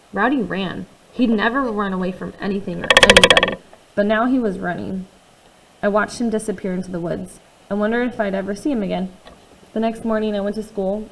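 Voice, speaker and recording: A woman narrating a first-person novel in a quiet, confiding way, with conversational asides to the listener. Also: medium pitch, gravelly, slight background noise, rough recording. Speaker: audiobook reader.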